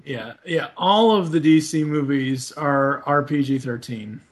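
A man hosting a casual podcast chat, rambling with halting restarts and drifting onto tangents. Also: fairly high pitch. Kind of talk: casual podcast chat about an animated movie.

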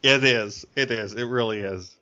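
A man co-hosting a podcast in casual chat, joking and rambling in an animated way. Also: medium pitch, moderate pace. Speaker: podcast co-host. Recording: dull lo-fi podcast audio.

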